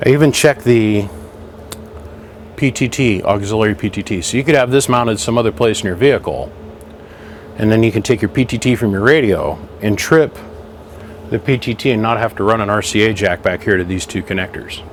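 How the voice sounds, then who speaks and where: A man's voice: lowish voice, brisk, slight background noise. A man in his home workshop, talking through radio gear in a folksy, chatty way and thinking aloud as he explains. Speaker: radio equipment hobbyist. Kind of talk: casual workshop vlog.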